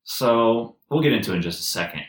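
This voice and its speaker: A man's voice: mid-range voice, lively intonation, brisk, distant mic. A young man co-hosting a casual podcast, joking and upbeat, laughing often. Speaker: podcast co-host. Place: room shared with two others. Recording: echoey room.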